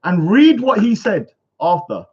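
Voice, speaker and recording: A man's voice: high voice, very animated, measured pace, darkish tone, slightly rough, muffled recording. A man ranting on a livestream, reading out comments and rebutting them with indignation. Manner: indignant, reads comments aloud then rebuts. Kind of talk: casual livestream rant.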